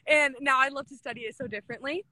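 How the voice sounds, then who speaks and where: Bright, high-voiced young woman gushing. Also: fast, no echo. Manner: gushing, filler-heavy with constant "like"; retells scripture as chatty dialogue. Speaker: devotional speaker. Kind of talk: casual scripture talk.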